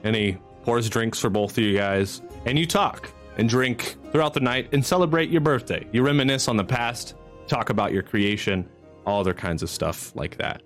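A man narrating as game master in a tabletop game, laid-back and quick to laugh. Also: medium pitch, lively intonation, a bit bright, faint music behind.

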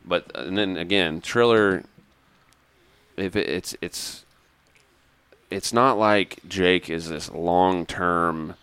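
Man, very deep voice, smooth, casual podcast chat, rambling restarts. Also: takes it slowly, long pauses, fairly bright tone, no echo. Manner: rambling, many restarts and trailing thoughts. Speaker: podcast co-host.

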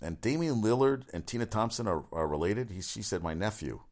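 A man hosting a casual solo sports talk show, rambling quickly from item to item with lots of fillers and swearing. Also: lowish voice, expressive, darkish tone. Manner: rapid, rambling, profane, with many fillers.

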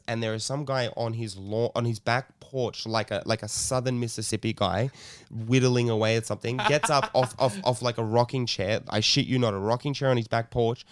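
A young man telling a rambling story in casual chat, swearing and restarting often. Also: medium pitch. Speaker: guest storyteller.

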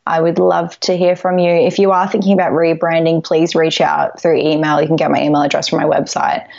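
A woman's voice: low-pitched, level tone, brisk, vocal fry, lo-fi sound. A woman with an Australian accent, a food blogger guest chatting casually and encouragingly, often saying um and laughing. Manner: warm, encouraging, with frequent ums and laughs. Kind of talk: casual interview chat.

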